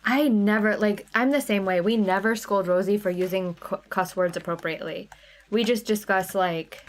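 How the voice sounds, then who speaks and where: A woman's voice: medium pitch, normal speed. A woman hosting a live craft sale, chatting casually and answering viewers by name. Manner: chatty, reads out viewer names and chat comments. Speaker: livestream sale host.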